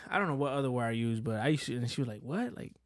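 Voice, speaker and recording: Fast-talking storytelling man, dry sound. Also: mid-range voice, no echo. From Caribbean Latino family, grew up in the US. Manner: animated storyteller, swears freely, acts out quoted voices. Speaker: podcast co-host. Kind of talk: casual chat.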